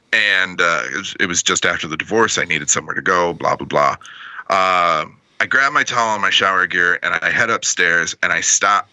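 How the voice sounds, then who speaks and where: A man telling an embarrassing personal story on a podcast, animated and laughing along as he goes. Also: low voice, dry recording, poor audio. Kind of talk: casual storytelling.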